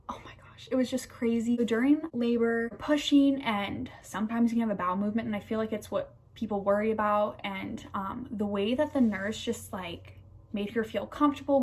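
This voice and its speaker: A young woman in her twenties, a nursing student, telling a personal story in a casual vlog, gushing and enthusiastic with lots of fillers. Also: medium pitch. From United States.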